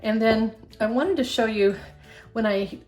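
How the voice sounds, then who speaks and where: A woman's voice: on the high side, unhurried, darkish tone, soft background music. An older woman hosting a casual craft tutorial, chatty and encouraging, with a self-deprecating streak. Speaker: craft channel host.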